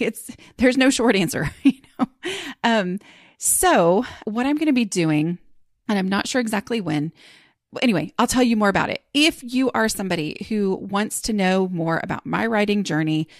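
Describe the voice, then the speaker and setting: A woman's voice: mid-range voice, no echo, clean studio sound. A woman hosting a podcast, chatting casually and rambling with many fillers. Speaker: podcast host.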